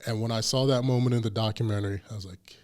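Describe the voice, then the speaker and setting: A man's voice: fairly low pitch, very fast. A man hosting a casual podcast chat, telling stories and acting out the voices of the people in them. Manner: animated storyteller, acts out quoted voices. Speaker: podcast host.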